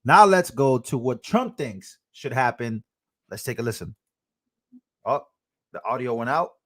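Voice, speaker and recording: A man hosting a political livestream, casual and chatty with quick asides. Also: medium pitch, lively intonation, fairly bright tone. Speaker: livestream host. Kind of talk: live commentary stream.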